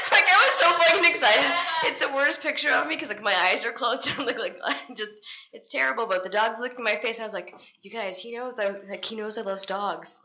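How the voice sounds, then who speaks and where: A young woman in casual chat, telling a story excitably, giggling and stumbling over her words. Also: fairly high pitch, fast talker. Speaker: guest.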